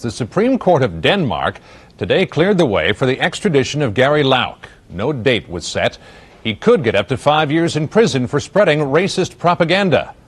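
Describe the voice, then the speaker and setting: A man anchoring an evening news broadcast, reading in a measured, authoritative way. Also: medium pitch, slightly rough.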